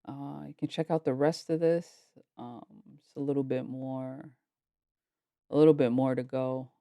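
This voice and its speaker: A woman vlogger reacts to a video and drifts into her own stories, blunt and unfiltered. Her voice has a rough, gravelly edge. The sound is close and dry, with no room around it. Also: very deep voice, measured pace, no room sound. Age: adult with kids. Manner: blunt, swears freely, animated retelling of arguments. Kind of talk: casual storytelling reaction.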